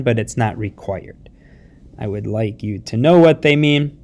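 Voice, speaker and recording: A man's voice: on the low side, gravelly, a little mellow. A man teaching a recorded lesson, explaining step by step in a patient way and often checking in with his students. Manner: patient, explains slowly, mixes English and Spanish words; often adds a rising "see?" check-in. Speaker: Spanish teacher.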